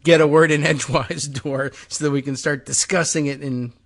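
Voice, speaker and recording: A man's voice: on the high side, steady tone, normal speed. A man hosting a political talk podcast, chatting sardonically with frequent fillers. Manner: sardonic, conversational, with many fillers. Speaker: podcast host. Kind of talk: political talk show chat.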